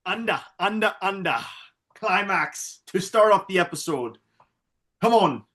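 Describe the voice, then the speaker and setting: Man as rowdy Irish drunk, high and bright, hammy. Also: expressive, a little slow, full character voice. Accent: put-on Irish. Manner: loud, whooping, crude.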